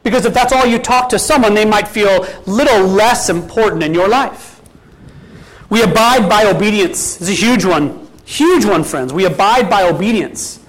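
Speaking at a moderate pace in a strikingly high voice, a pastor gives a conversational sermon, repeatedly asking his congregation questions. Scripture quotes come in at an easy, spoken pace. The audio is poor.

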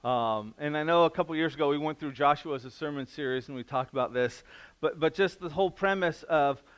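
This middle-aged pastor speaks smoothly and a little fast, his voice on the high side. His sermon feels conversational and relaxed, with restarts and acted-out quotes, and he turns soft and quiet in prayer.

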